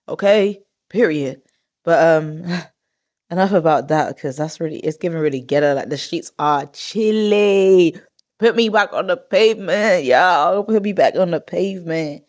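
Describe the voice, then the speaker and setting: A woman in her twenties hosting a podcast in casual chat. She talks in an expressive, rambling way, with drawn-out groans of disgust. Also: low voice. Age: 20s. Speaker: podcast host.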